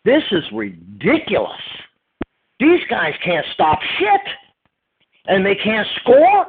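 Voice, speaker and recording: A man's voice: high voice, huge pitch swings, slow, slightly rough. A man calling in to a radio show, venting his frustration with plenty of swearing. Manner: frustrated, profane, exasperated. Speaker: caller. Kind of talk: angry fan rant. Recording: tinny phone line.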